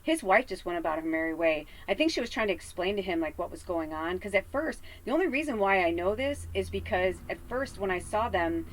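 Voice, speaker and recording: A woman's voice: mid-range voice, animated, brisk, few pauses, poor audio. A woman from Chicago talks straight to her viewers as a psychic medium in a casual vlog. Her telling is loose, profane and heated, full of "like" and "you know.". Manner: lots of fillers like "you know" and "like".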